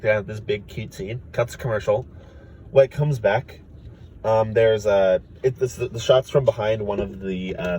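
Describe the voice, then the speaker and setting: A young man casually pitching a story idea, rambling with lots of fillers and restarts. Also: dark tone, slight background noise, low-quality recording. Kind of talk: casual chat.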